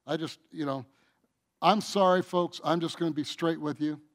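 A middle-aged man preaching a sermon, stretching out his phrases and swinging between booming emphasis and hushed asides. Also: fairly even intonation, normal speed.

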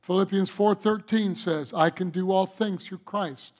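Guy pastor preaching slow, high voice, keeps asking the crowd questions. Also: fairly even intonation, a little mellow. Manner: emphatic preaching with rhetorical questions. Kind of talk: sermon.

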